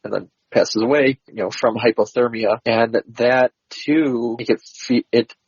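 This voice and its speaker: Husky man on a dull podcast line. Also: medium pitch, fairly even intonation, unhurried, no room sound. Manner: rambling, laughs between points. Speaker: podcast co-host. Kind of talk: casual film discussion. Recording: muffled dry podcast audio.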